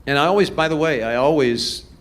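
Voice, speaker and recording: A man, a pastor, answering audience questions in a relaxed, storytelling way, chuckling as he goes. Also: fairly high pitch, brisk. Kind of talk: casual Q&A talk to a youth group. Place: church event hall with a live audience.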